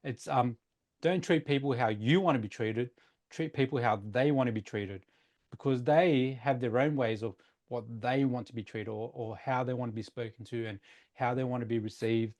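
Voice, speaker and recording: A man's voice: medium pitch, moderate pace, darkish tone. Upbeat man hosting a podcast. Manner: upbeat, steers topics and hands questions to guests. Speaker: podcast host. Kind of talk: casual podcast discussion.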